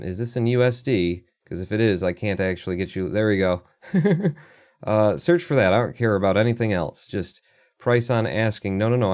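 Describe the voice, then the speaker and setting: A man's voice: on the low side, a little mellow, clean tone. A man livestreaming, rambling through casual commentary in a sardonic and profane way. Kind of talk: casual live-stream commentary.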